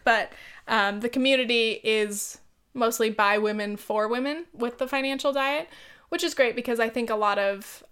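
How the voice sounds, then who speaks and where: A woman's voice: medium pitch, a bit bright, clear, resonant tone. A young woman in casual chat as a YouTuber, rambling and filler-heavy, with many ums and likes.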